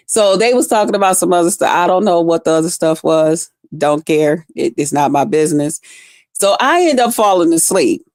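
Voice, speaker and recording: Foul-mouthed, animated woman vlogger. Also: dry recording, studio quality. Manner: profane, animated, swings into high loud reenactments. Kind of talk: casual storytime monologue.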